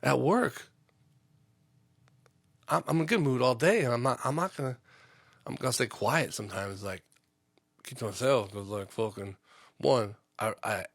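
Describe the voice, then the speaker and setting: A man's voice: mid-range voice, normal speed, creaky, pauses often, a bit bright, dry recording, studio quality. A man who works a union trade, hosting a podcast in a loose, rambling monologue full of swearing and fillers. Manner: profane, lots of fillers.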